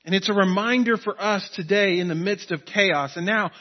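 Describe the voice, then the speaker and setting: A man's voice: high-pitched, moderate pace, dull audio. A man preaching a sermon as pastor, earnest and repeating key phrases for emphasis.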